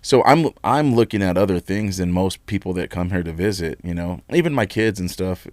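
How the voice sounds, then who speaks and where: A man's voice: deep voice, brisk, dry recording, studio quality. A middle-aged man from Nevada, a union leader talking candidly and with energy in a casual interview, often repeating himself. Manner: candid and animated, blunt words, repeats himself. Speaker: union leader, podcast guest.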